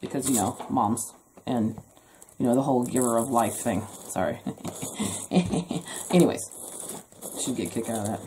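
A woman's voice: a bass voice, normal speed, noisy background. A woman hosting a casual craft tutorial from her home craft room, chatty with jokey asides. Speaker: craft video host.

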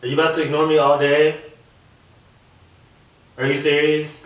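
A man with a somewhat high voice nags in an exasperated, repetitive way. He is picked up from across a very echoey room with a faint hiss behind him, and the casual home-vlog sound is plain. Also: moderate pace, pauses often, a bit bright. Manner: exasperated, nagging, repeating himself. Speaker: vlogger. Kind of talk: casual prank video talk. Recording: echoey room, mic far off, faint noise.

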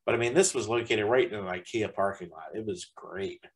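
In a rough recording, a man with a fairly low voice talks a little fast while reviewing a haunted attraction in casual chat. He rambles on, cramming his sentences with fillers, especially "like."

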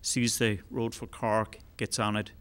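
A man's voice: fairly low pitch, measured pace, clean tone. Man telling a rambling joke. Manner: relaxed, rambling, with fillers. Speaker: musician telling a joke on stage. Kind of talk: told joke, live storytelling. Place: concert hall.

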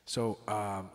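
A man's voice: lowish voice, big-room sound. A man hosting a livestream, chatting casually with viewers, often laughing and apologizing as he rambles. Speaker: livestream host. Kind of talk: casual chat with stream viewers.

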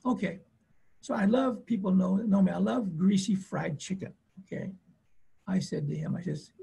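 Speaking in a webinar about family conflict, this male therapist tells short plainspoken stories with emphatic, repeated phrasing and quotes he acts out. He has a high-sitting, warm, husky voice with vocal fry, moving at a moderate pace.

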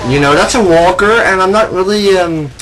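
A young man giving excitable, casual commentary while playing a shooter game, yelling and laughing often. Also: high-pitched, normal speed, a crowd in the background. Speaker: gameplay commentator. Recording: noisy game sounds behind. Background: game vehicle and battle noise.

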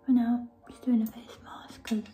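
A woman's voice: a little high, little pitch movement, normal speed, mellow, faint music behind, poor audio. A young woman chatting casually in a vlog, rambling and often dropping into a whisper. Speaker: vlogger. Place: at home and outdoors. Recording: background noise.

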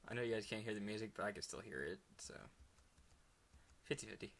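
A man giving excitable let's play commentary, laughing often and slipping into whispered asides. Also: fairly low pitch, fast talker, vocal fry. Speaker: gamer.

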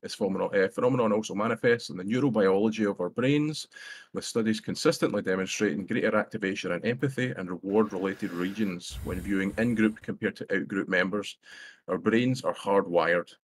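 A Scottish man reading a prepared debate statement on a voice call in a formal, academic way, with filler pauses. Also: low-pitched, slightly rough, no echo. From Scotland.

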